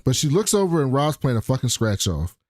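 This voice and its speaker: A young man co-hosting a casual recap show. He tells the plot with gusto, slipping into the characters' voices, and his pitch swings widely. The sound is close and dry. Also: brisk, no echo. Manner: animated storytelling, acts out characters' lines. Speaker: podcast co-host.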